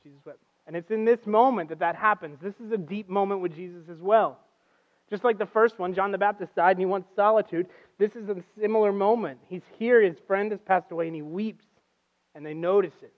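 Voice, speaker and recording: A man giving a sermon as a guest preacher, telling stories casually and acting out quotes, dropping to a hush and rising to loud emphasis. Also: high-pitched, narrow, tinny audio. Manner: conversational storytelling, acts out quotes, swings from loud to hushed. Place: church.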